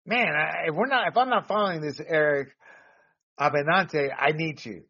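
A man hosting a political commentary podcast, talking in an animated, rambling way with restarts and laughs. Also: fairly high pitch, normal speed, husky. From Latino background. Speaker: podcast host. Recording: dull lo-fi sound.

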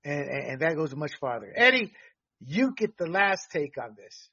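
Blunt, bright-voiced man hosting sports talk. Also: fairly high pitch, very animated, normal speed, breathy edge, lo-fi sound. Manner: blunt, emphatic, frequent fillers. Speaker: sports show host.

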